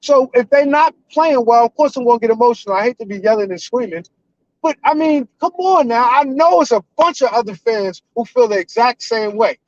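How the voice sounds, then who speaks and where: A man in his forties calling in to a live show, ranting loudly and emotionally with heavy cursing. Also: very high voice, lively intonation, brisk, dry recording, lo-fi sound. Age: 40s. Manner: loud, emotional and profane. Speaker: caller. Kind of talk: heated fan rant on a live call-in show.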